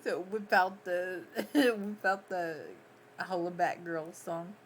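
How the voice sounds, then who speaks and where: Slow-talking giggly woman streamer. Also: on the low side, fairly even intonation, slight background noise. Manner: laughs often, giggly, rambling. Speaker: livestreamer. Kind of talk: casual storytelling chat.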